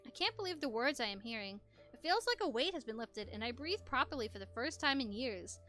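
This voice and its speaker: A woman reading a visual novel aloud in expressive first-person narration on a headset mic. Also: a little high, fairly quick, soft background music. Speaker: gameplay narrator.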